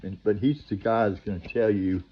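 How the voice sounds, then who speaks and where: A man's voice: lowish voice, fairly quick, breathy edge. An older man talking straight to his viewers in a long, rambling vlog monologue, full of restarts and "you know," ending with preachy advice. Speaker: vlogger. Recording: dull lo-fi recording.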